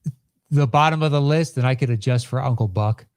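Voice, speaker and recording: A man's voice: medium pitch, a little fast, a little mellow, no echo. A man co-hosting a podcast, chatting casually in a matter-of-fact way with dry asides. His voice sits mid-range and is recorded close and dry, with no room sound. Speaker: podcast co-host. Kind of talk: casual chat.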